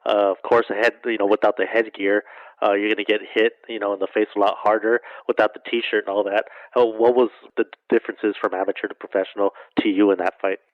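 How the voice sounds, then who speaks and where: A man's voice: fairly low pitch, flat delivery, fast, dry recording. A man interviewing a guest, asking long rambling questions full of fillers. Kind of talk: casual interview. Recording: dull, dry lo-fi sound.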